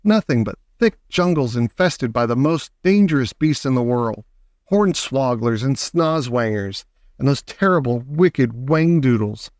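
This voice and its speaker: A man voicing an eccentric, excitable male chocolate maker who talks in a gushing, showy way. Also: a little slow, no room sound, studio quality, natural voice. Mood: storytelling. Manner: gushing, showy, high and bouncy.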